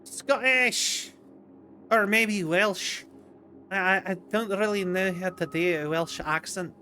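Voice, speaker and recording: A man's voice: high-pitched, slow, pushed and bright, slight background noise. A male streamer chatting over gameplay in a rambling, self-deprecating way. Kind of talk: live-stream gameplay chat.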